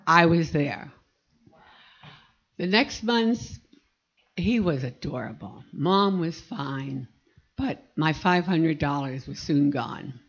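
An older woman from Pennsylvania telling a personal story from her life, vivid and animated. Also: low-pitched, slow pace, long pauses, husky, lo-fi sound. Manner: vivid, animated recollection with acted-out quotes.

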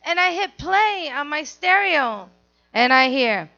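A woman telling a candid personal story in an animated, confessional way, on a dull lo-fi recording. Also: high-pitched, takes it slowly, faint music behind.

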